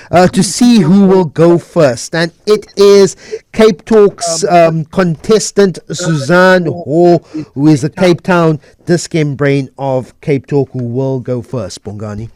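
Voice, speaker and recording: A man co-hosting a live radio quiz, explaining the rules and scores deliberately. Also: fairly high pitch, a little mellow. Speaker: co-host and scorekeeper. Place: radio studio.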